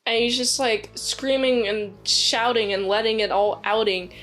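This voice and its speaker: A woman's voice: a little high, a little slow, a bit bright, faint music behind. A woman giving a casual movie review, rambling with lots of "like"s. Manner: rambling, many "like"s, acts out quotes.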